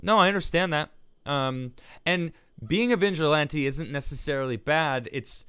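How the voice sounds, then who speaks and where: Chatty male stream host, clear dry voice. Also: a little high, moderate pace, pushed and bright, no room sound. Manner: chatty, laughs easily, stumbles and restarts often. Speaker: livestream show host. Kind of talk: casual chat, reading viewer messages aloud.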